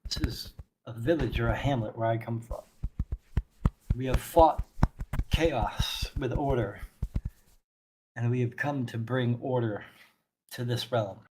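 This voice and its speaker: A man voicing a stern, suspicious woman warrior in a tabletop game, with solemn measured speech and a shifting put-on accent. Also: medium pitch, darkish tone, a little hiss or hum, close to an everyday voice, low-quality recording.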